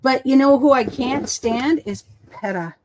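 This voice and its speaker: A chatty woman on a video-call livestream, talking in a casual and animated way. She acts out quoted conversations as she tells her stories. Her voice sits a bit high. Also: measured pace, a little hiss or hum. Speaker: co-host of a crafting livestream. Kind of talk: casual chat.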